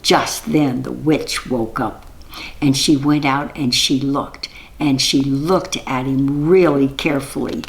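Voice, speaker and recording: A woman reading a children's story aloud in a gentle, rhythmic, repetitive telling. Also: extremely low pitch, fairly even intonation, takes it slowly, creaky, poor audio.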